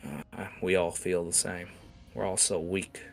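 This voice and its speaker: A man voicing a big male orc gang enforcer who talks in quiet, menacing threats. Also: sits low, level tone, measured pace, creaky, faint music behind. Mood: gruff.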